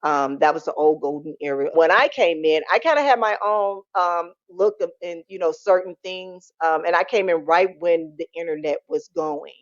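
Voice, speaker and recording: A woman's voice: lowish voice, moderate pace, hardly any pauses, no echo, muffled recording. A woman, speaking candidly as an interview guest and acting out the voices of family members. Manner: animated, acts out quoted family voices.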